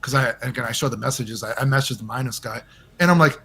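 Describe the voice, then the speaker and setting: A man as the guest in a casual interview over a call, rambling and animated and swearing often. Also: medium pitch, fast, slightly rough.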